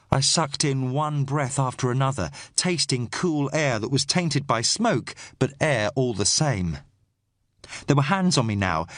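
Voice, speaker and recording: Dry, measured male audiobook narrator. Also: medium pitch, fairly bright tone, dry recording. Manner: measured, tense storytelling. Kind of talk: first-person audiobook narration.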